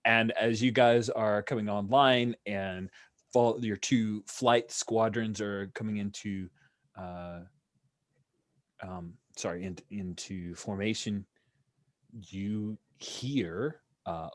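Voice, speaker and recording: A man running a tabletop role-playing game as game master, in a relaxed, chatty way with pauses. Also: fairly low pitch, no echo.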